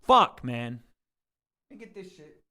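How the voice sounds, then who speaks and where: A man's voice: medium pitch, sing-song, measured pace, heavy background noise. A man streaming live, ranting with heavy profanity, frustrated and angry as he snaps back at his chat. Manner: profane, heated, snapping at chat. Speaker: streamer reacting to a football game and live chat. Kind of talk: heated livestream rant to chat.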